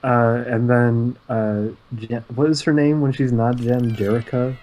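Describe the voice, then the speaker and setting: A man co-hosting a casual podcast, recapping cartoon plots in a sarcastic, deadpan way. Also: medium pitch, unhurried, low-quality recording. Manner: sarcastic, deadpan recounting of plot. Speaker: podcast co-host.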